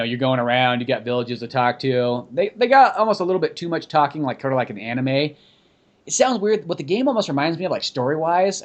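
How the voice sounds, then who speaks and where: A man hosting a podcast, chatting casually in a rambling, animated way full of "like". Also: medium pitch, highs cut off. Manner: rambling, animated, heavy use of "like". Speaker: podcast host. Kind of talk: casual chat.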